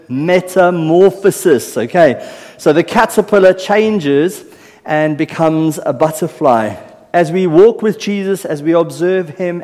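A South African man preaches from a church stage, his voice sitting a touch higher than most men's. His talk is chatty and playful, often checking that the congregation is following. A long hall reverb trails every line. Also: a little mellow. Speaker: pastor. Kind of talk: sermon. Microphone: stage PA microphone.

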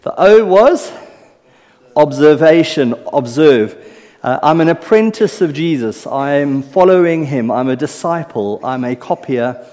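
A South African man preaches from a church stage, his voice sitting a touch higher than most men's. His talk is chatty and playful, often checking that the congregation is following. A long hall reverb trails every line. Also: expressive, unhurried, a little mellow. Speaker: pastor. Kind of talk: sermon. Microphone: stage PA microphone.

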